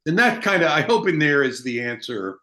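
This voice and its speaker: A man's voice: a little high, very animated, fairly quick, bright, forceful tone. Blunt, emphatic veteran man. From United States. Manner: emphatic, blunt, swears freely. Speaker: guest, army veteran. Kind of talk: casual interview talk.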